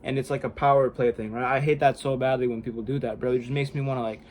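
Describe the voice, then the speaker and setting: A man's voice: mid-range voice, steady tone, quick pace, darkish tone, slight background noise. A young man vlogging casually and self-consciously, rambling with lots of "like" and "bro". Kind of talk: casual self-help vlog. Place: room indoors at home.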